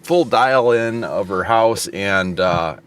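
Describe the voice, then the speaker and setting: A man's voice: fairly low pitch, slow, fairly bright tone, clear, resonant tone. A man co-hosting a casual podcast chat, telling stories in an easygoing way with bursts of laughter. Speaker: podcast co-host and business owner.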